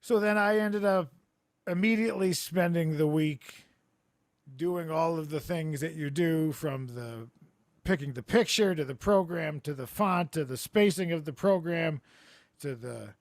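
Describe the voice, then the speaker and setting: Male comedy podcast host: slightly high, gravelly voice, dry close mic, rambling deadpan storyteller on a video call. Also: measured pace, dry recording. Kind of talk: casual comedic chat. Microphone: remote video call.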